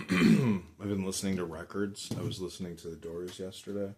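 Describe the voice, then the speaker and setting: A man hosting a comedy chat room, rambling through crude stories with deadpan asides. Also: low-pitched, moderate pace, soft background music. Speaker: host.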